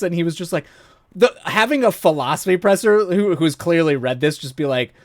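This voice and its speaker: A man's voice: on the high side, lively intonation, fairly quick, no room sound. Rambling, chatty male streamer. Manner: rambling, self-interrupting, laughs often. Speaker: streamer host. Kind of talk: casual live-stream chat.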